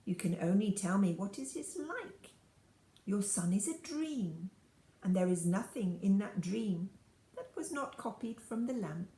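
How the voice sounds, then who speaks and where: A cunning witch queen with a soft, cooing voice, put on by a woman reading aloud. She speaks slowly and low, and the room adds a noticeable echo. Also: animated, lightly acted. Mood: soft coaxing.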